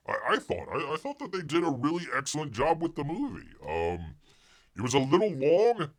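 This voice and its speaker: Male live-stream host, casual chat, very lively up-and-down delivery, third-person self-talk, stammering restarts. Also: a little high. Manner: refers to himself in the third person, halting with many restarts.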